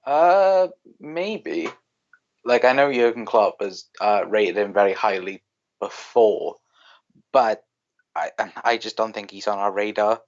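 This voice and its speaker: A man with a Welsh accent from South Wales, co-hosting a casual chat and giving quick opinions with lots of "like". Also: fairly low pitch, lo-fi sound. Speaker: co-host.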